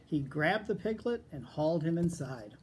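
A man reading a children's picture book aloud as a teacher, in a lively, expressive storytelling manner. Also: on the high side, normal speed, slight background noise.

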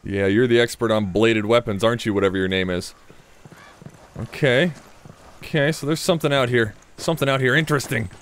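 A man's voice: medium pitch, brisk. A man giving joking, mock-dramatic commentary while playing a shooter game, taunting his enemies. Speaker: gaming video creator. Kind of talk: playful gameplay commentary.

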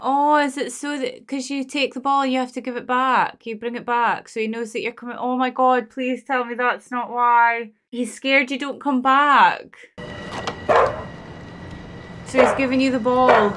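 A woman's voice: high voice, steady tone, normal speed, hardly any pauses, fairly bright tone, slight background noise. A woman hosting a movie reaction, talking to the screen and getting emotional. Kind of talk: casual reaction commentary. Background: film soundtrack music.

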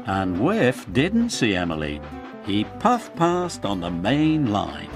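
Slow, lively British male storyteller. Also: on the low side. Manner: animated read-aloud. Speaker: narrator. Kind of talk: storybook narration. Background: background music.

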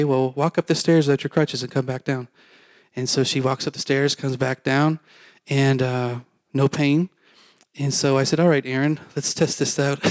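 Dry-voiced pastor telling a story. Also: male voice, mid-range voice, dry recording. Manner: casual, self-deprecating storyteller who acts out dialogue. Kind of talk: sermon storytelling.

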